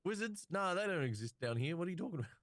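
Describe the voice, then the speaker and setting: A slightly high-voiced man chats during a tabletop game and swears freely. He sits back from the mic, so he comes across quieter than the others. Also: expressive, very fast. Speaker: player.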